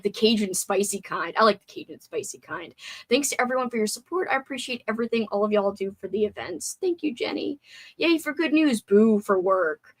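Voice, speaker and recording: A woman's voice: on the high side, sharp tone. A woman hosting a livestream, chatting casually, reading viewer comments aloud and grumbling with playful swearing. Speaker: livestream host.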